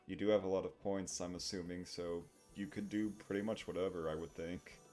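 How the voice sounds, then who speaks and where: A man's voice: low voice, fairly even intonation, a little fast, dark tone, faint music behind. A male streamer giving casual, rambling gaming commentary into a desk microphone, laughing often.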